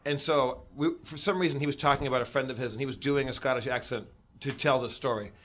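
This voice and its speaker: A man guest telling a comic story, animated and full of stammering restarts. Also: medium pitch, fast. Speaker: podcast guest.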